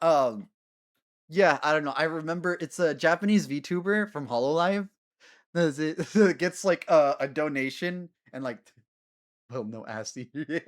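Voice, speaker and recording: A man streaming a game, chatting casually with his viewers in a giggly, animated way. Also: on the high side. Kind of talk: casual gaming stream chat.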